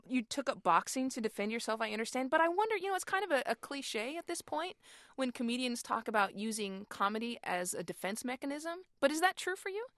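A woman hosting a radio interview, asking questions in a measured, probing way. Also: high-pitched, big pitch swings, fairly bright tone, dry recording, studio quality. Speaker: radio host.

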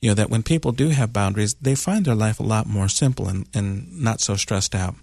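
Gravelly low-voiced radio advice host. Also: male voice, fairly quick, no room sound, clean studio sound. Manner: calm, explanatory, rambling with fillers.

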